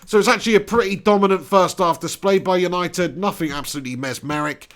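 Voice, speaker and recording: A man's voice: high-pitched, fast talker, a bit bright. A young man from Dorset, chatting casually and swearing freely as he hosts a live football watch-along. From Dorset, England. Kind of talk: live-stream commentary and chat.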